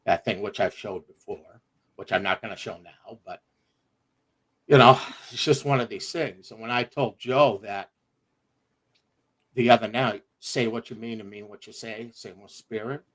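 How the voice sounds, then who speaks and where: A middle-aged man telling a personal story on a livestream, animated and profane, laughing as he goes. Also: fairly low pitch, moderate pace. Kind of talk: casual storytelling.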